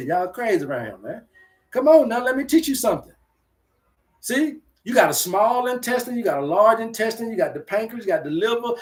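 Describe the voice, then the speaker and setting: Male host, higher voice; preachy, repetitive livestream teacher addressing viewers. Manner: preachy, repetitive, slangy, talks to chat.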